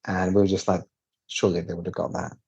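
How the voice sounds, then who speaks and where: A man from the UK talks through his story with wry candor, slipping into the voices of people he quotes. His voice sits low and has a husky, breathy edge. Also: flat delivery, fast talker, darkish tone, lo-fi sound. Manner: candid, wry, acts out quoted dialogue with restarts. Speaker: piano technician guest. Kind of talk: casual storytelling interview.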